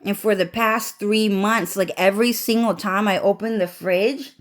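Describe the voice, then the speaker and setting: A woman's voice: mid-range voice, steady tone, normal speed, hardly any pauses. A young woman with a congested, runny nose, telling a rambling story that is full of swearing, fillers and restarts. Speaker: vlogger.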